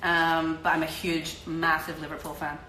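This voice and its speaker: A woman's voice: low voice, flat delivery, moderate pace, sharp tone, reverberant, a little hiss or hum, low-quality recording. Dry-humored Irish woman guest. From Ireland. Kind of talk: casual chat.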